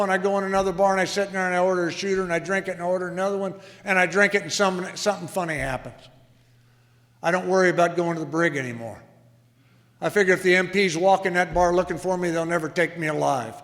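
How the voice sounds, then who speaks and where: A man's voice: high voice, fairly bright tone. A man in his sixties telling his own story at a recovery meeting in a wry, self-deprecating way. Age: 60s. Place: meeting hall. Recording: long reverb of a meeting hall.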